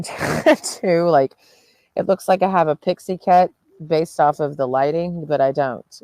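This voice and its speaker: Low-voiced young woman vlogging casually. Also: darkish tone, no room sound. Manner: chatty, swears freely, laughs often mid-sentence. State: tired with a headache. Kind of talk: casual rambling vlog.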